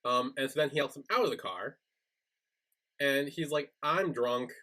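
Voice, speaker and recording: A podcast co-host with a bright, forceful, medium-pitched voice chats casually at normal speed. He recaps an episode of a show, acting out the characters' lines as he goes.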